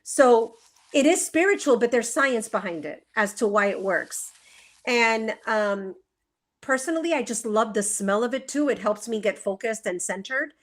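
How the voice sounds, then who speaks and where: Her voice is fairly high and expressive, moving at a moderate pace, as she earnestly explains her feng shui practice in a conversational interview. The live video call is peppered with her fillers and rhetorical questions.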